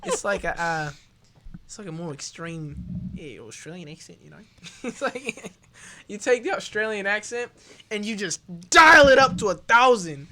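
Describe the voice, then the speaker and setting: A man's voice: high voice, animated, moderate pace, bright, forceful tone. A man chatting as a guest, joking around in laid-back banter. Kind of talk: casual chat.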